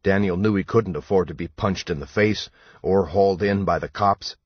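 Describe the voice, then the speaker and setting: A man narrating an audiobook in a measured, even storytelling manner. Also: deep voice, no room sound, dull audio. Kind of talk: scripted narration.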